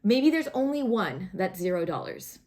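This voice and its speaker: A woman's voice: medium pitch, expressive, normal speed, a little mellow. Chatty woman giving a tarot reading. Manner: chatty and encouraging, full of "like", "right?" and "okay?". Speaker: tarot reader. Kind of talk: casual tarot reading to camera.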